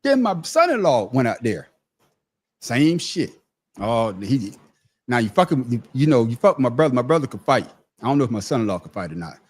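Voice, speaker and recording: A man's voice: mid-range voice, very animated, a little fast, slightly rough. A middle-aged man on a podcast panel telling a story in casual chat, profane and emphatic, repeating his words as he starts a thought.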